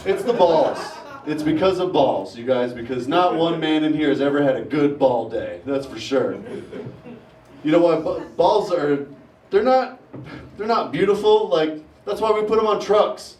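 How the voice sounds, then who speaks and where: Man, stand-up comic, self-mocking rambling asides, roomy echo, sounds distant from the mic, loud laughing crowd. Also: fairly high pitch. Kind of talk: stand-up comedy set. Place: small theater with live audience. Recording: echoey room, mic heard from far, loud crowd.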